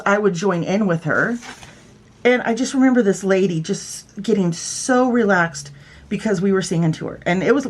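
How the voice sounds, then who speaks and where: With a mid-range, slightly breathy voice, this Californian woman swaps nursing for vlogging and shares humorous tales from her former job. Her storytelling is casual and chatty, full of playful self-mockery and impressions of other people.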